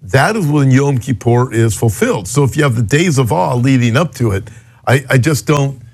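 Brief: male pastor co-host, mid-pitched, earnest and explanatory radio talk. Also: expressive, moderate pace, husky, soft background music.

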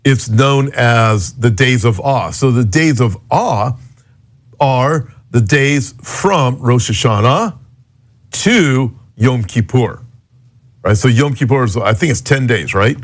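A man's voice: medium pitch, animated, slow. A man co-hosting a radio ministry show as pastor, talking in an earnest, explanatory, conversational way. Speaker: pastor and co-host.

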